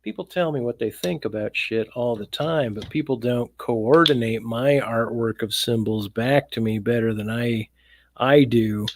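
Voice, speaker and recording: A man's voice: medium pitch, measured pace, slight background noise. A man telling personal stories in a casual, rambling monologue, swearing freely and often breaking off mid-sentence. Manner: profane, rambling, self-interrupting storyteller.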